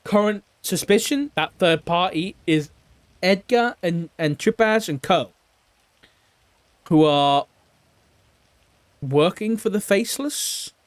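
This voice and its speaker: A man's voice: high voice, slow pace, pauses often, no room sound. A man recapping an investigation in character, rambling and swearing a lot, sometimes mimicking other people. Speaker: roleplay streamer.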